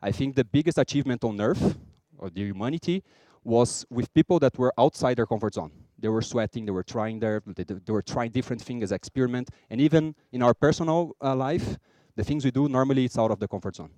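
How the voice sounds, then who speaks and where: A man with a Brazilian accent giving a lively conference talk, acting out small scenes and joking with the audience. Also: medium pitch, brisk, few pauses, dry recording. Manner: lively, acts out little scenes and jokes with the audience. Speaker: conference speaker.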